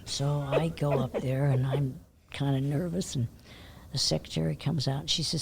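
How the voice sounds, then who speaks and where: An older woman from California, a horse trainer, telling a long story in a chatty way, laughing often and dropping to a hush for her inner thoughts. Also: very deep voice, fairly even intonation, normal speed, gravelly, husky. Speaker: interview guest, horse trainer. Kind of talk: casual storytelling.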